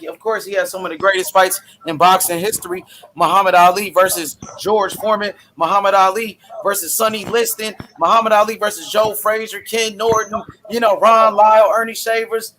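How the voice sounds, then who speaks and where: Man, high bright voice, enthusiastic boxing host, faint background noise. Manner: enthusiastic, repeats "you know". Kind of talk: casual boxing chat.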